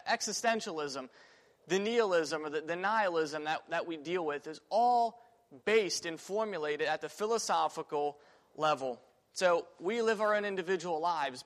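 In a church classroom, a man with a somewhat high, fairly bright voice teaches a Sunday school class. He speaks casually, thinking aloud with fillers and restarts, and the room adds a long, lingering reverb to the recording.

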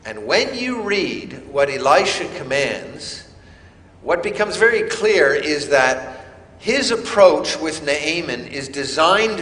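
A man preaching a sermon, slow and emphatic with dramatic pauses. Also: a little high, bright, forceful tone, reverberant, long reverb tail. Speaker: pastor.

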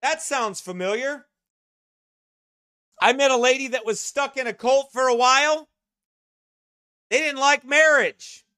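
Emphatic, scornful man preaching. High, clear voice. Dry recording. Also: a little slow, long pauses, no echo. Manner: emphatic, scornful, bursts into shouts. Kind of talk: sermon-style commentary.

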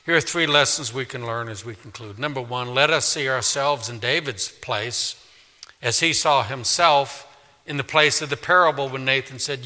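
A male pastor preaching a sermon in a church, emphatic, swinging from loud declaring to quiet pleading. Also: medium pitch, moderate pace. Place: church sanctuary. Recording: long reverb of a large hall.

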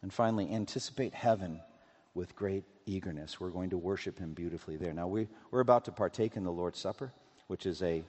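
Pastor, male, low-voiced, earnest sermon delivery with long church reverb. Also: fairly quick. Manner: earnest, swells loud on scripture then drops to hushed appeals. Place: church sanctuary.

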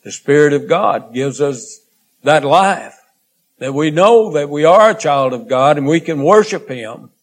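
A man preaching a sermon in a slow, earnest way, drawing out phrases and letting line endings trail off quietly. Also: fairly high pitch, lively intonation.

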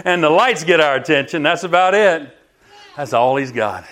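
A man's voice: fairly high pitch, expressive, moderate pace, a bit bright. A man preaching a sermon as pastor, exuberant, with frequent hallelujahs and calls to the congregation.

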